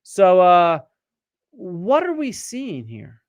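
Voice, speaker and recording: Extremely slow and high-voiced, with huge swings in pitch, a man leads a live-streamed archaeology lecture. He walks through the material step by step, tests the audience, and responds to comments, all in clean, echo-free studio sound.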